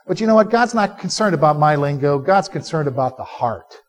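A male pastor preaching a sermon to a live congregation, animated and conversational, quizzing listeners to answer back. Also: on the high side, a little fast. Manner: direct, conversational asides to the listeners. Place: church service before a live congregation.

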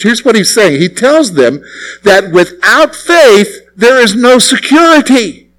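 A man's voice: high-pitched, sing-song, unhurried, a bit bright, rough recording. A man preaching a radio sermon in a conversational way, putting questions to his congregation. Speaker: pastor. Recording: recorded sermon broadcast on radio.

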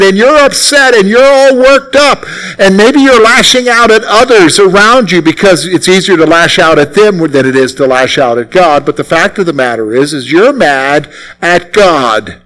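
Man, pastor, sermon, high voice, exhorting, repetitive. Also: a bit bright.

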